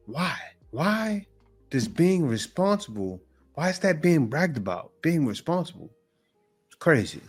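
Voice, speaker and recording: A man hosting a reaction video, giving lively, mocking commentary on clips and repeating himself as he builds a point. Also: medium pitch, measured pace, long pauses, husky, soft background music.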